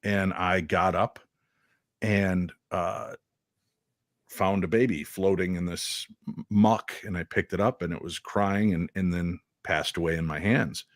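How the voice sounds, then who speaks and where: A man as a radio guest, recounting a personal experience in a halting way with many fillers. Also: sits low, steady tone, dry recording, clean studio sound. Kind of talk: radio interview storytelling.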